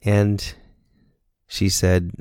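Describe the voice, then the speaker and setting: A man's voice: deep voice, flat delivery, very slow, darkish tone, clear, resonant tone, dry recording, clean studio sound. A man in a casual monologue, earnestly telling a personal story and acting out the dialogue. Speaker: speaker sharing a personal lesson.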